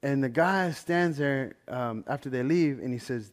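A man's voice: mid-range voice, a little slow. A man leading a Bible study, telling stories in a casual, conversational sermon style and often checking in with "right?". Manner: conversational, keeps asking "right?"; animated, swings loud and soft.

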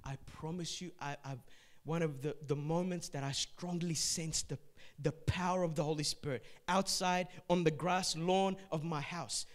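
A man, a pastor, preaching a sermon and telling stories, moving between hushed passages and forceful, emphatic ones, repeating words for weight. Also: a little high, fairly even intonation, moderate pace.

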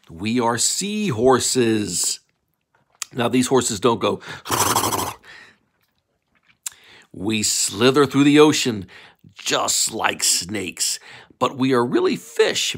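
A man's voice: mid-range voice, a bit bright. A man reading a bedtime story of rhyming riddles to young children in a playful, sing-song way.

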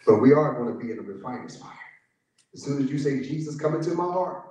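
A man's voice: medium pitch, expressive, quick pace, darkish tone. A man preaching a sermon as pastor, emphatic and full of "glory to God" interjections, acting out little conversations in mocking voices. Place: church sanctuary. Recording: echoey church sound from a distance.

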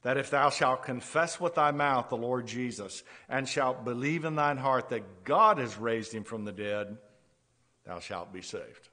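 A man preaching a sermon with a halting delivery, repeating words as he goes and laughing softly between points. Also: mid-range voice. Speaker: pastor. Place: church sanctuary. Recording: long church-hall reverb.

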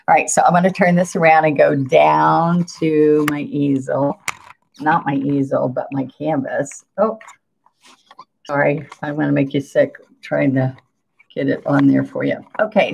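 Older woman, painting teacher on a livestream, low-pitched, gravelly, sociable. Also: a little mellow, slight background noise. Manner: chatty, greets viewers, laughs often. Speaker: painting instructor hosting a livestream. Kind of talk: casual live painting lesson.

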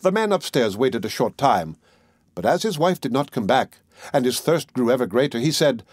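Man, audiobook narrator, fairy tale reading, mid-pitched voice, dry close sound. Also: big pitch swings, normal speed, dry recording. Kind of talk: scripted storybook narration.

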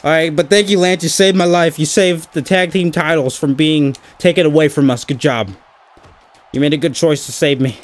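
A young man giving excitable live commentary over a wrestling video game, cheering and groaning at every move. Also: on the high side, moderate pace, soft background music. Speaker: gaming channel host.

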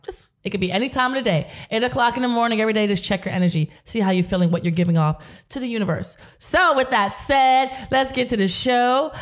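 A woman hosting a podcast, telling stories in a chatty way with lots of "like" fillers. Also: fairly high pitch. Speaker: podcast host. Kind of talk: casual podcast chat.

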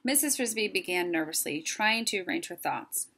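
A woman, a teacher, reading a novel chapter aloud to her class at a steady pace. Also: on the low side, moderate pace, husky.

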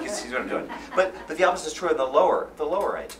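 A man's voice: a little high, fast talker, hardly any pauses. A man lecturing from far off. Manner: energetic, repeats phrases for emphasis. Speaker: lecturer at a conference. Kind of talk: live lecture. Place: conference hall. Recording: roomy, from far off, faint room noise.

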